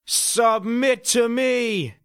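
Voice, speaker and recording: A man voicing a drunk, aggressive young man who shouts taunts in a strained, high, put-on American accent. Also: very slow, clean tone, no echo, clean studio sound, full character voice. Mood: taunting, shouting.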